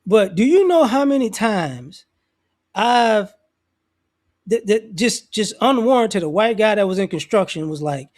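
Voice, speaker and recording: High-voiced man rambling social commentary. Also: expressive, measured pace. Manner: rambling, loose, slangy, with many restarts; acts out other people's voices in quotes. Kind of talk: casual social commentary monologue.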